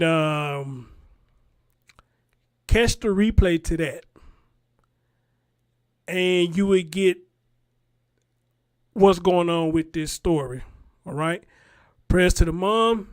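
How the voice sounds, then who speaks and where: A man's voice: sits high, takes it slowly, long pauses, clear, resonant tone. A man, rambling in casual live-stream commentary and talking straight to his viewers. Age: 40s.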